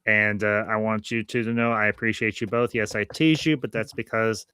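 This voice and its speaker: A man's voice: lowish voice, fairly even intonation, moderate pace, sharp tone, smooth, no room sound. A man hosting a casual podcast, rambling a little and repeating phrases as he thanks his viewers. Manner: friendly sign-off, thanking viewers. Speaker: podcast host.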